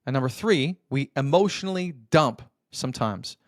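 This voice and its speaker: This podcast host speaks in a mid-range voice with lively intonation at a moderate pace, offering motivational, coaching-style marriage guidance. He keeps addressing the listener as brother and checking in, and the studio recording is dry and clean.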